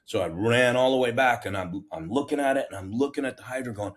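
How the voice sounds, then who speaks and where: A middle-aged man and fire captain, telling a story in a casual interview in an animated, self-mocking, plain-spoken way with many restarts. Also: mid-range voice, fast, hardly any pauses. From United States.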